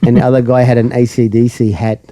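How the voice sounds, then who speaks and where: A man's voice: mid-range voice, flat delivery, fast talker, mellow, no echo. A man as a podcast guest, telling a funny anecdote casually and laughing often as he goes. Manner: acts out other people's lines in the story. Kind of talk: casual storytelling chat.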